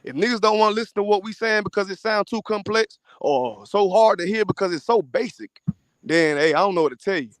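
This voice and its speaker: A man's voice: high voice, fairly quick, dry recording. A man hosting a podcast, talking in a casual, profane, emphatic way about faith. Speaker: podcast host. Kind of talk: casual chat.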